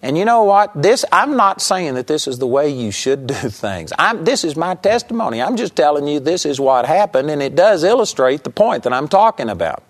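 A man's voice: a little high, very animated. A man preaching a sermon and telling a personal testimony in an earnest storytelling manner. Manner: earnest storytelling, speeds up and slows down.

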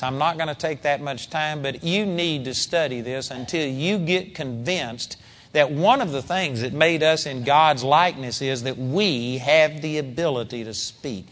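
A man preaching a sermon in an animated, conversational way, with sudden loud peaks. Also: a little high, big-room sound.

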